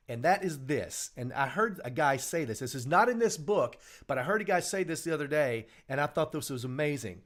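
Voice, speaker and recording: A middle-aged man with a fairly high-pitched voice hosts a live show from a small home studio. He gives an earnest motivational talk and hammers home each key line by saying it again and again. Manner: earnest, emphatic, repeats key lines. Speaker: show host.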